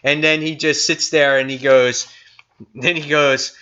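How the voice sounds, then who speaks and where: A man hosting a casual comic review vlog, excitable and rambling. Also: a little high, measured pace, smooth, muffled recording.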